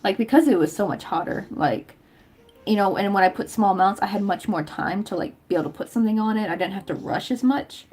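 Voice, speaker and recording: A young woman from Tennessee with a light Southern lilt, talking to her stream while she works on a craft. She rambles in a friendly, loose way, full of fillers and small laughs. Her pitch sits in the middle for a woman. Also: fast talker, a little mellow, slightly rough, faint music behind. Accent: Southern American. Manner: chatty and rambling, lots of "like" and laughs. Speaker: crochet livestream host. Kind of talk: casual livestream chat while crafting.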